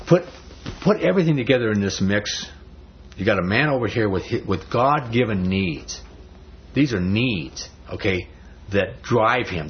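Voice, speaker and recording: A man giving a folksy, conversational sermon to a live audience, often repeating himself for emphasis. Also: on the low side. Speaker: speaker on marriage. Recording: dull muffled recording, faint hiss.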